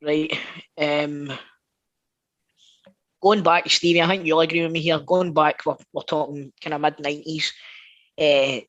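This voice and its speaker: A man's voice: fairly high pitch, steady tone, unhurried, pauses often, a bit bright, dull audio. A man co-hosting a football podcast, blunt and emphatic, swearing casually as he gives his opinions. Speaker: podcast co-host.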